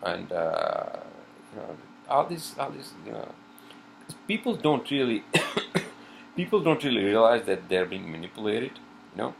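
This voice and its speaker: A man's voice: on the low side, very animated, measured pace, creaky, pauses often, a little hiss or hum. A man hosting an informal video podcast, rambling and swearing as he vents his frustration in casual chat. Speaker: podcast host.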